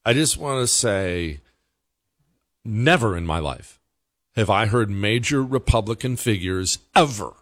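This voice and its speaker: A man's voice: on the low side, fairly bright tone, no room sound, clean studio sound. A male host giving casual, emphatic commentary, with stammered restarts.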